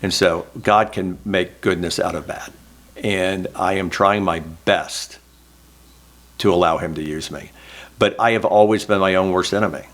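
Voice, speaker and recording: A man's voice: low voice, fairly even intonation, a little slow. A middle-aged man from Oklahoma, a former state senator, telling earnest, self-deprecating stories in an oral history interview. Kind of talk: reflective oral history storytelling.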